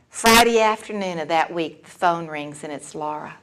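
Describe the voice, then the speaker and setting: A middle-aged woman sharing her personal recovery story at a meeting, animated, laughing often and acting out the voices of the people she quotes. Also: deep voice, normal speed, poor audio. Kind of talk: personal testimony talk.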